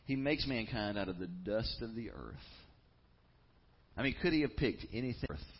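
A man preaching a sermon as a pastor, earnest and emphatic, with dramatic pauses. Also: fairly low pitch, expressive, husky, highs cut off.

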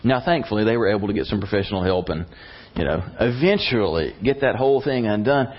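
A man preaching a sermon and telling a story in an animated way, his voice rising at tense moments. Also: on the low side, fast. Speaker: pastor. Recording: slightly dull lo-fi recording.

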